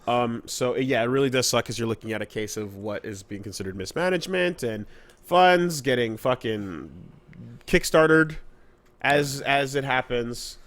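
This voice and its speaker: A man co-hosting a casual podcast, his voice sitting at an ordinary middle pitch. He rambles, restarting sentences and filling gaps with "uh" and "like". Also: normal speed, fairly bright tone. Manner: rambling, lots of fillers and restarts. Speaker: podcast co-host.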